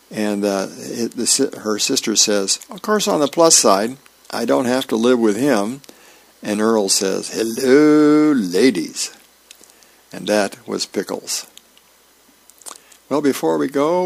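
A man reading newspaper comics aloud as a volunteer radio reader, in a folksy, unhurried way with small slips. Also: mid-range voice, creaky.

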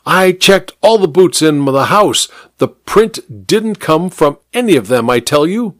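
High shrill indignant vicar, read by a man, dry close sound, storybook. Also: expressive, unhurried, fairly bright tone, no room sound. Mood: shrieking. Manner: indignant, shrieking when riled. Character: shrill excitable male village vicar.

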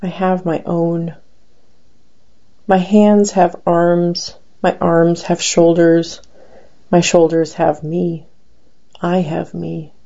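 A woman reading her poems aloud in a slow, measured recitation. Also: on the low side, level tone, vocal fry, warm tone, lo-fi sound. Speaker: poet. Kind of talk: poetry reading.

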